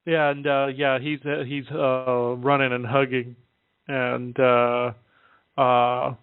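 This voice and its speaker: Halting man on a tinny phone line. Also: mid-range voice, flat delivery, smooth, no echo. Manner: halting, full of "uh" fillers. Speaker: guest relaying contact reports. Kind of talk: casual call-in talk.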